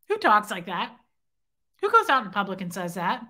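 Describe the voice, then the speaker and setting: A woman's voice: mid-range voice, sing-song, moderate pace, bright, forceful tone. A young woman hosting a casual livestream, chatting playfully and reading viewer comments aloud, now and then breaking into a snatch of song. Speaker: livestream host.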